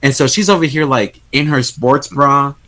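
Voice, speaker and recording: A man's voice: medium pitch, normal speed, fairly bright tone, slight background noise. A man co-hosting a casual chat, playfully retelling film scenes and acting out the characters' lines. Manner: playful, acts out characters in quotes, swears freely. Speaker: podcast co-host. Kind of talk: casual movie recap chat.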